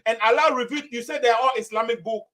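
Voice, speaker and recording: A man's voice: extremely high pitch, rapid-fire, fairly bright tone. A man in a heated religious debate, pressing his opponent and repeating his questions insistently.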